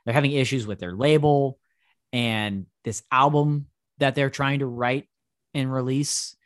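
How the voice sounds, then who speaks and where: A man co-hosting a music podcast, enthusiastically pitching songs and bands. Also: fairly even intonation, measured pace, no room sound, studio quality. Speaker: podcast co-host. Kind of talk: casual music chat.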